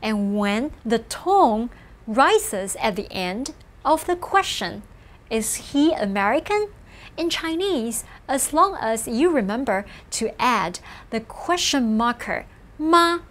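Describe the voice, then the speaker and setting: A woman with a high voice narrates a scripted language lesson. She speaks slowly and carefully, explaining each point in an encouraging way. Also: big pitch swings. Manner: slow, careful, encouraging explanation with model phrases. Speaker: language teacher.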